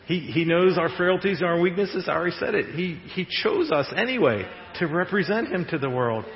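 A man with a fairly high voice preaches in a loose, conversational way, building up and laughing at his own jokes. His voice rings through a big echoing hall with long reverb. The sound is dull and muffled, like an old radio broadcast. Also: animated, brisk. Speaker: pastor. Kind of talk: sermon.

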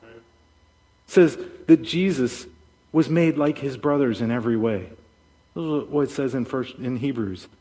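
Animated male pastor in reverberant hall. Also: mid-range voice, measured pace, long pauses. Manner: animated storyteller, acts out voices. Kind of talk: sermon.

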